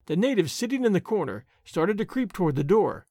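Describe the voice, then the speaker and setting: A man's voice: high-pitched, big pitch swings, a little fast, warm tone, no echo, studio quality. A man narrating a historical adventure novel in an audiobook, in a dramatic storytelling manner. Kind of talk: scripted narration.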